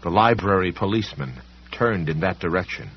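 A man's voice: deep voice, expressive, a little fast, slightly rough. A man narrating a story aloud with dramatic, varied delivery. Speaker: audiobook narrator. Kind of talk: scripted narration. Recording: dull lo-fi recording.

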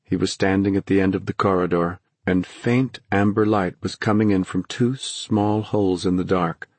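A man narrating a fantasy audiobook in a measured, dramatic storytelling manner. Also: low-pitched, fairly even intonation, no room sound.

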